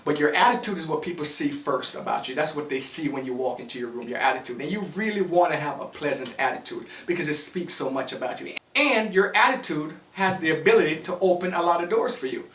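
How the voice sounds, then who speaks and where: A man, a motivational speaker who tells a story in a playful, animated way and acts out the dialogue. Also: a little high, quick pace, few pauses. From Jamaica. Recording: echoey room, voice from far off.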